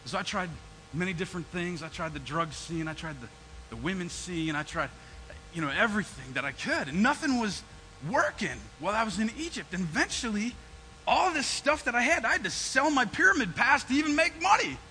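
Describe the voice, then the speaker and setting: Sermon monologue: a man as the young prodigal son, high, very bright voice, cocky then humbled, with a faint hum behind. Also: a little fast, heavily acted, low-quality recording. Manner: animated storytelling, swings between loud and hushed. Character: brash, repentant young prodigal son, male. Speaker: preacher in character. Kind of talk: first-person narrative sermon monologue.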